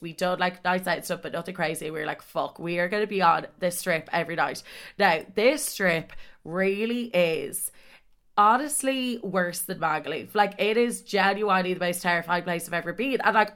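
A young woman telling a holiday story in casual chat, swearing freely and acting out what people said. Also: lowish voice. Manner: animated, sweary, acts out quotes.

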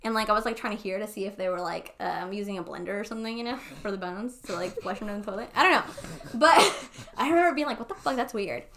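A woman's voice: medium pitch, fast talker, fairly bright tone. Young woman podcast cohost, rambling story, cusses a lot, super casual. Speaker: podcast co-host. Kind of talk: casual chat.

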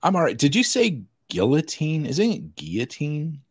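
Lively American man, dry sound. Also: fairly high pitch, a little fast, breathy edge, no echo. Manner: easygoing, teasing. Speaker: podcast co-host. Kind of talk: casual podcast chat.

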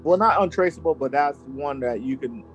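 A man's voice: medium pitch, normal speed, highs cut off, faint music behind. Laid-back man telling a true-crime story. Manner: laughs easily, jokey and animated. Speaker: podcast host telling the story. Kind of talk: casual chat.

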